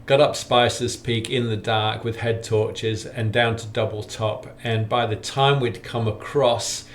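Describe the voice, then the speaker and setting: A man's voice: fairly low pitch, fairly even intonation, unhurried, a little hiss or hum. A middle-aged man hosting a casual hiking vlog roundup, friendly and rambling with lots of fillers. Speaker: hiking challenge organiser and vlogger.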